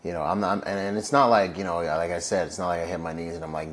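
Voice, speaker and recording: Male Marine veteran, low register, casual interview storyteller with loose filler-heavy delivery. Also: steady tone, fast. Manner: loose, heavy use of "like" and "you know"; acts out quoted voices in his stories.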